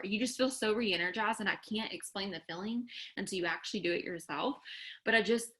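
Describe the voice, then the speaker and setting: A woman's voice: mid-range voice, brisk, fairly bright tone. A woman giving a candid, earnest faith pep talk to her followers, full of fillers and direct challenges.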